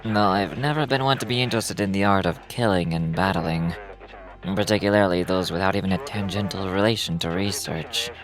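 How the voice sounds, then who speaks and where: An actor playing a composed, formal male researcher who explains things in a measured, polite way. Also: low-pitched, music in the background, lightly acted.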